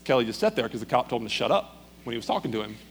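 A man preaching, telling a story in a lively, dramatic way. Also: medium pitch, rapid-fire, husky. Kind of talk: sermon storytelling.

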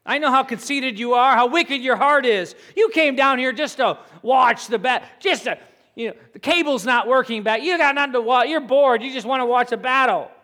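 A man voicing an angry older brother who sarcastically scolds his younger sibling, raised and louder than his own voice. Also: very high voice, moderate pace, voice pushed up. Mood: scolding. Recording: echoey hall.

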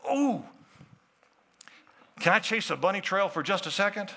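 A pastor preaching a sermon, animated, asking the congregation questions and adding asides. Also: male voice, high voice, moderate pace, long pauses, slight background noise.

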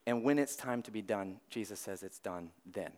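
A man preaching a weekend sermon, lively and conversational, with restarts and dramatic swings between loud and soft. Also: fairly low pitch, moderate pace. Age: adult parent. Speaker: pastor.

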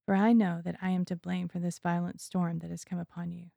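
A humble, repentant prophet, read by a woman in her own low voice prays in solemn, measured words. The tone is dark and gravelly, and the sound is dry and close. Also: little pitch movement, no echo. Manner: solemn, prayerful.

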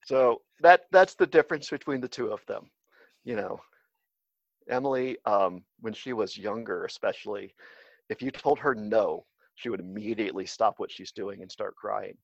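On a dull, slightly lo-fi recording, a gravelly, lowish-voiced man speaks at a moderate pace as a guest in a casual interview conversation. The recording is dry, and he is hesitant, stumbling through fillers and restarts.

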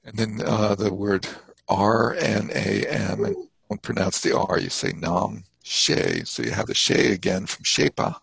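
A man teaching a class on Buddhist texts, explaining terms thoughtfully and haltingly. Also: lowish voice, steady tone, creaky, a bit bright, husky, no room sound, low-quality recording.

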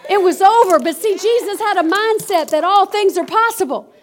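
High-voiced woman preaching a sermon. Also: moderate pace. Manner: animated, call-and-response preaching with exclamations.

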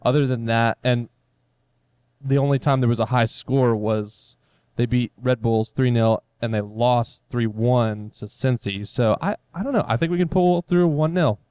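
A man co-hosts a sports podcast, thinking aloud and hesitating as he works through his picks. His voice is smooth and resonant, and the sound is dry and close to the mic. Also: mid-range voice, measured pace, darkish tone, no echo. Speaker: podcast co-host. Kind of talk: casual sports podcast chat.

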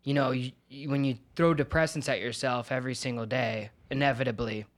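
Guy in his 30s on a podcast, talks open and kinda hesitant, thinking out loud. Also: medium pitch, fairly even intonation, brisk. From Oregon, USA. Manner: candid, reflective, hesitant. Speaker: podcast guest. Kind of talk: casual podcast conversation.

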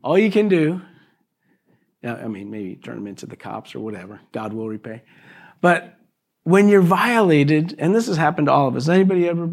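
A man's voice: fairly high pitch, a little mellow. Chatty male pastor preaching. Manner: conversational preaching with frequent "okay" and "right?" asides; acts out quoted exchanges with his neighbor. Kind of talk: sermon. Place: church service before a congregation.

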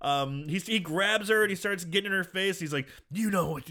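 A man co-hosting a casual chat, retelling a film scene with animated storytelling, acting out the characters' lines. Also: sits high, a little fast. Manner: animated storytelling, acting out quoted lines, frequent laughs and swearing. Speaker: podcast co-host recapping a film.

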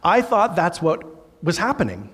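A Baptist pastor, a man with a fairly high voice, preaching a sermon in a relaxed, conversational way. He reads scripture aloud with emphasis, and his voice trails off into a long reverb, as in a large hall. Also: moderate pace, husky.

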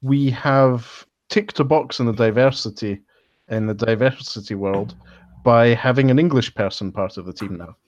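A male podcast host lays out his points in a matter-of-fact, explanatory tone at an ordinary pitch. The sound is very dry and slightly dull, as if recorded close in a dead room. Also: normal speed, a little mellow, no room sound. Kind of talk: casual podcast discussion. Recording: dry lo-fi audio.

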